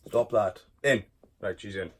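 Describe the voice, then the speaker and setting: In a casual room-tour vlog from his bedroom, a man shows off his tarantula collection, chatting freely, swearing, and coaxing and scolding his spiders. His voice is lowish and unhurried. There's a little hiss or hum on the recording.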